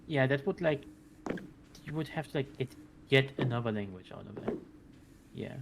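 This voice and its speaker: A man's voice: medium pitch, animated, normal speed, vocal fry. Laid-back Dutch man, noisy mic. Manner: laid-back, short agreeing replies. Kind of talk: casual podcast chat. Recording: noisy stream audio.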